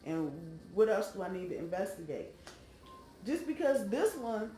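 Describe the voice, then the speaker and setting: A woman's voice: mid-range voice, sing-song, moderate pace, warm tone, roomy sound, slight background noise. A woman giving a casual, rambling tarot reading, talking straight to her viewers with emphasis, recorded on a phone microphone. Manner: chatty, rambling, emphatic direct address. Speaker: tarot reader.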